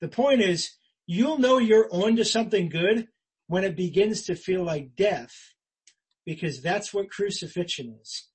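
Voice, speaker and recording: A man preaching a sermon as pastor, earnest and conversational, rising for emphasis and dropping quiet. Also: sits high, lively intonation, measured pace, husky, low-quality recording. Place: church.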